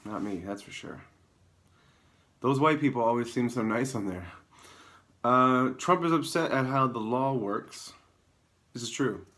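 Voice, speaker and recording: A man hosting his own comedy show alone on camera, rambling through news headlines with deadpan, self-mocking asides. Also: mid-range voice, measured pace, long pauses. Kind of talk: improvised comedic news rundown. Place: alone in a room, talking to camera.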